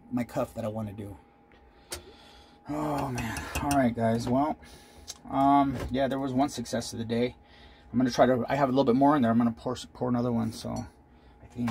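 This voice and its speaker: Speaking over slight background noise, this jewelry-making vlogger has a medium-pitched, creaky, somewhat mellow voice. He casually narrates his casting work at home, addressing viewers as "guys" and making self-deprecating jokes.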